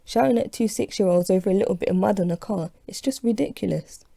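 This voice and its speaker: A woman's voice: mid-range voice, fast talker, gravelly, dark tone, no echo, clean studio sound. A woman voicing a hopeful young cafe owner in a storybook reading, speaking enthusiastically. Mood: firm.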